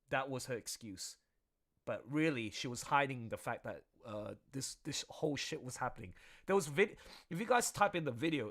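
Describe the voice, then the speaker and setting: A man chatting casually on his drawing stream, rambling through animated commentary. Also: mid-range voice. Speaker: artist streaming while drawing. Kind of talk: casual chat.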